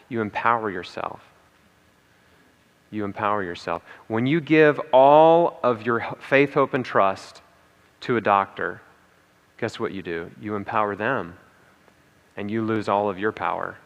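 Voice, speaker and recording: A man's voice: on the low side, animated, moderate pace, highs cut off. Man speaking in a reverberant hall. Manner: emphatic, repeats key lines, frequent "okay?" and "right?" asides. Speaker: speaker at a conference. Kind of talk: motivational talk to an audience.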